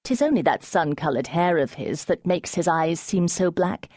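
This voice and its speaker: A woman's voice: lively intonation, normal speed, a little mellow, no echo. A woman voicing a perceptive, earnest young woman. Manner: urgent, dry, higher than narration.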